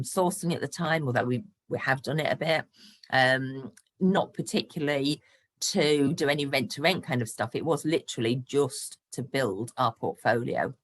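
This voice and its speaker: A woman in her sixties, a guest on a podcast interview, talking in a chatty and frank way and laughing between points. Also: low voice. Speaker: guest, property investor.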